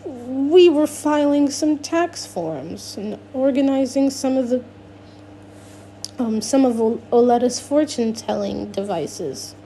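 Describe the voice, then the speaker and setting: A woman's voice: high-pitched, animated, mellow, a little hiss or hum, full character voice. A woman reading a middle-aged father caught out in an audiobook, drawing out his words and sounding guilty. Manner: drawn-out, guilty hedging.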